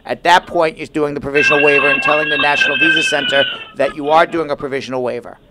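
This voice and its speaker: A man co-hosting a talk show as an immigration lawyer, explaining legal steps in rapid explanatory talk and turning indignant when excited. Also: a little high, very noisy. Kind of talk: casual radio talk show chat.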